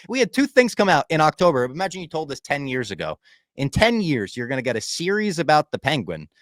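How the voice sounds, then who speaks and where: Man, podcast co-host, lively swinging pitch, dry close sound, casual recap chat. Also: dry recording. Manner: animated, swings from loud to low.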